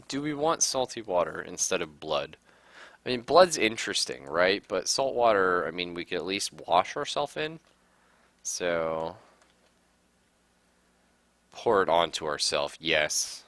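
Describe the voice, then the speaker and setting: A man's voice: low-pitched, very animated, measured pace, vocal fry, pauses often, fairly bright tone, no room sound. A man casually commenting on a game he is playing, reading its text aloud and reacting with sudden outbursts and swearing. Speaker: gaming streamer. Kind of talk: casual let's-play commentary.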